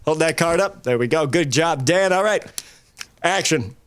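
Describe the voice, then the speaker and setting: A man playing a scatterbrained 89-year-old ad pitchman who rambles and forgets his lines in a comedy sketch. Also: expressive, normal speed, fairly bright tone, clear, resonant tone. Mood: rambling. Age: older. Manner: rambling, forgetful, easily sidetracked.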